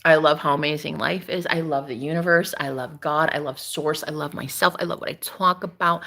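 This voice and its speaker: A woman's voice: deep voice, fairly even intonation, a little fast, vocal fry, pushed and bright. A woman chatting casually on a live stream, sassy and laughing often as she talks back to her viewers. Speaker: spiritual streamer.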